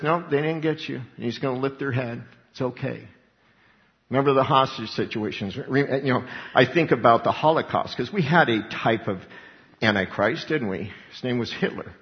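A man's voice: medium pitch, moderate pace. Man preaching in a reverberant hall. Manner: animated preaching, acting out voices of the faithful. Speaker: pastor. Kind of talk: sermon. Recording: long hall reverb, dull lo-fi sound.

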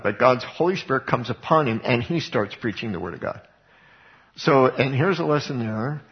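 A man's voice: mid-range voice, gravelly, muffled recording. A man preaching a Bible teaching sermon, retelling scripture as conversational storytelling. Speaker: pastor.

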